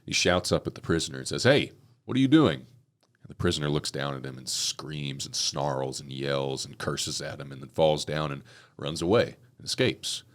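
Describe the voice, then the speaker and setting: A Texan man with a very deep, low voice hosts a laid-back podcast chat. He talks in an easy, joking way and slips into small voices when he tells dad jokes. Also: steady tone, normal speed, fairly bright tone. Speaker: podcast host. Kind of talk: casual interview chat.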